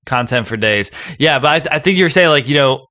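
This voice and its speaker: A man's voice: mid-range voice, lively intonation, fast, sharp tone, no room sound, clean studio sound. A young man hosting a podcast in casual chat, reading out questions and laughing a lot. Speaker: podcast host.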